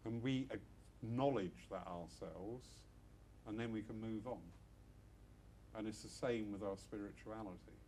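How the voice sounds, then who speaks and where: A man's voice: fairly low pitch, moderate pace, a little mellow, slight background noise. A middle-aged man giving an informal church talk to a small audience, chatty with self-mocking asides. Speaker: church speaker.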